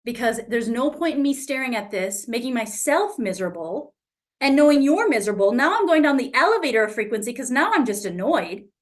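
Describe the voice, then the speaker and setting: A woman's voice: a little high, fairly quick. A woman coach giving a casual teaching talk to an online group. She speaks frankly, swears freely and acts out the exchanges she describes. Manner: lively, acts out quoted exchanges.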